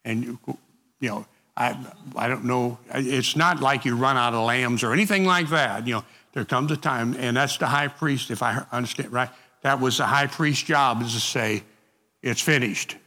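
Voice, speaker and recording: Reading scripture aloud and then talking it over, this man guides a group Bible study, often stopping and starting again in casual, halting speech. His voice is mid-range, pushed and bright, and the sound carries the feel of a big room.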